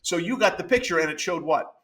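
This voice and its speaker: An eager male podcast host chats casually with his guest, his voice sharp and bright. He sits a little high for a man and talks with plenty of fillers and restarts. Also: expressive, fast talker. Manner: enthusiastic, recounting clips with filler words. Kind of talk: casual interview chat.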